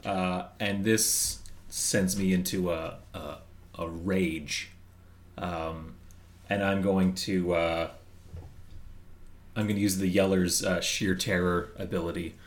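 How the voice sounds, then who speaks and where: A man playing a tabletop game, describing his character's moves haltingly with many fillers. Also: low voice, fairly even intonation. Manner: hesitant, full of ums and likes. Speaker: player.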